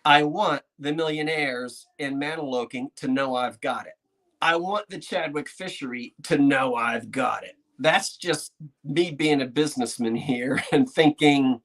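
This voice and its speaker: Antiques dealer, male, excitable vlogger, chatty and prone to laughing. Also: medium pitch, measured pace. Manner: chatty, excitable, laughs often, talks to himself. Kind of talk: casual vlog talk to viewers.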